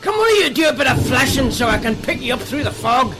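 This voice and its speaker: A man voicing a blustery male pirate captain perched up a mast, bellowing as if shouting over the elements. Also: very high-pitched, sing-song, fast talker, over music, exaggerated voice.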